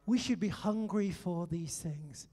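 A British man preaching a sermon, telling stories and urging his listeners on in an animated way. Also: high voice, measured pace, in a large hall. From Britain. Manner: animated storytelling, exhorting the audience.

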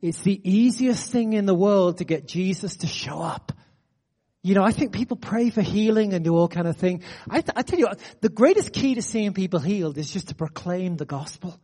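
A man preaching a sermon, telling a story with animated energy. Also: sits high, normal speed, big-room sound. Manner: animated, building excitement in anecdotes.

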